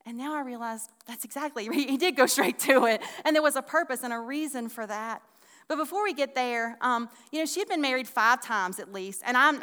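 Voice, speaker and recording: A woman's voice: a little high, fairly bright tone, clean tone. A woman giving a casual, conversational sermon, folksy and chatty with frequent restarts and asides. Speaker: Bible teacher. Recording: long hall reverb.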